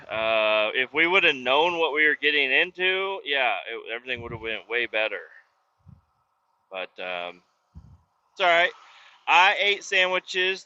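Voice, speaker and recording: Profane rambling man with a bright voice. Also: a little high, clean tone. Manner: profane, loose, drifting between stories. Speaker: roadside service worker. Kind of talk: casual rambling vlog storytelling. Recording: dull lo-fi sound with faint background ambience.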